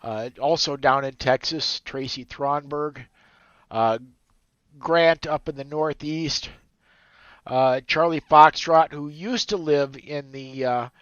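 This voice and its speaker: Podcast host guy getting choked up, smooth voice, bit muffled, lots of uhs. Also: a little high, fairly bright tone, no room sound. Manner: halting, many filler "uh"s. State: choked up, emotional. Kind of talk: emotional farewell chat.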